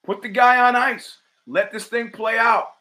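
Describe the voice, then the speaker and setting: A man's voice: very high-pitched, steady tone, a little slow, sharp tone. A middle-aged man hosting a podcast, delivering an opinionated monologue with emphatic, rhetorical phrasing and repeated lines for effect. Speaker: podcast host.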